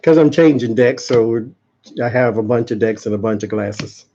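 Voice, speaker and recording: Casting: man, tarot channel host, chatty and easygoing, low mellow tone, dull lo-fi stream sound. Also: normal speed, slight background noise. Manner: chatty, laughs often, talks to viewers. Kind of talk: casual live-stream tarot reading.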